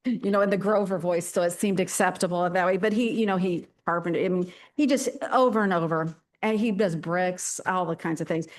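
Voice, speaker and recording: A woman's voice: on the low side, steady tone, fairly quick. Older lady pastor preaching, playful and dramatic, leans hard on her words. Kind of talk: sermon.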